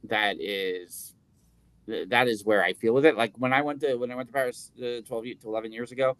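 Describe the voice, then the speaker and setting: A man's voice: mid-range voice, steady tone, brisk, a bit bright, dry recording. Rambling man on a dry close mic. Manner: rambling, self-interrupting, jokey. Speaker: podcast co-host. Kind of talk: casual chat.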